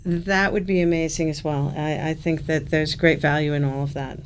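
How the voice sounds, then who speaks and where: A middle-aged woman speaking in a casual interview as a fund co-founder, chatty and quick to chime in. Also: sits low, steady tone, a little hiss or hum. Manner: quick, chatty, jumps in with agreement.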